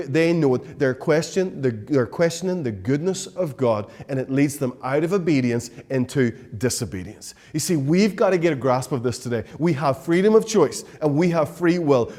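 A man's voice: a little high, darkish tone. Earnest man preaching a sermon. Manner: earnest, storytelling, rhetorical questions.

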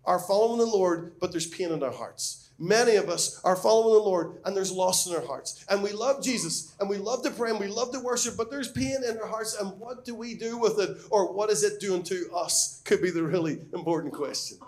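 A man's voice: high voice, fairly quick, few pauses, darkish tone. A man preaching a sermon as a pastor, reading scripture and speaking earnestly and emphatically, with rising questions.

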